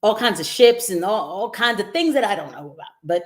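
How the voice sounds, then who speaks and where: A young woman hosting a casual live-stream of news commentary, emphatic and quick to laugh, now and then acting out the voices of the people she quotes. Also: mid-range voice, lively intonation.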